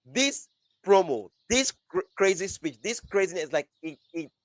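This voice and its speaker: A young man hosts a casual live podcast, rambling and restarting his sentences with constant "like". His voice sits a little high, and the recording is dry and close. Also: very animated, measured pace, no echo. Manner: rambling, restarts often, says "like" a lot. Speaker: podcast host. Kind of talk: casual live-stream chat.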